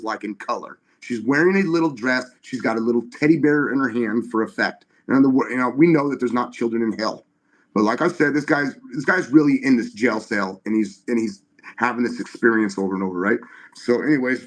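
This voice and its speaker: A middle-aged man recounts a personal experience in casual conversation, his voice sitting in a middle pitch. He talks in an animated, halting way and often restarts his sentences, with fillers scattered throughout. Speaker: guest. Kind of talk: conversational testimony storytelling.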